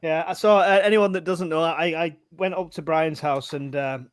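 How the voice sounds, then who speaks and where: A man's voice: a little high, fairly even intonation, moderate pace, no room sound. A man hosting a casual live stream, reading out viewer questions, teasing his guests and laughing often.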